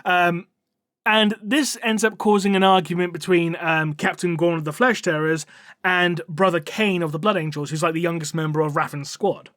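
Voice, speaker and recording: A man's voice: sits high, fairly even intonation, moderate pace, fairly bright tone, no room sound, studio quality. A man on a podcast, casually retelling a story with playful swearing. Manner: playful, swears, acts out characters in quoted dialogue. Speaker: podcast co-host.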